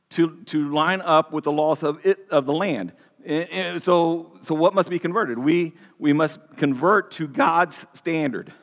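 A man's voice: fairly high pitch, a bit bright, in a large hall. A man preaching a sermon, earnest, with many repeated words and restarts. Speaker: pastor.

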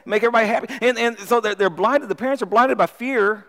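A man preaching a sermon in an animated way, often repeating words as he starts a sentence. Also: sits high, moderate pace. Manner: animated, acts out voices of people in the story. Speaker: pastor. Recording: long hall reverb.

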